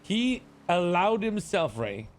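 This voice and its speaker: A man's voice: high voice, big pitch swings, slow. A man in a game roleplay, teasing and mocking the others, talking over them. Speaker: roleplay gamer. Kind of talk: in-character roleplay banter.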